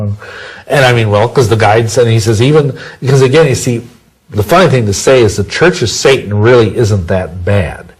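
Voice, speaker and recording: A man's voice: medium pitch, expressive, brisk, breathy edge, low-quality recording. A man giving an interview, talking in a rambling, conversational way with many restarts and homely sayings. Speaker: interview guest.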